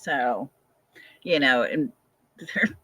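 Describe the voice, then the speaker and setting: A woman's voice: extremely low pitch, lively intonation, very slow, sharp tone, husky, no echo. An older woman hosting a casual livestream, chatting, answering viewer comments and laughing often. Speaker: livestream host.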